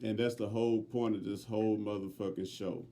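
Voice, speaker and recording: Blunt, dark-voiced man arguing. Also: on the low side, steady tone, brisk. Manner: blunt, confrontational. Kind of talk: heated argument.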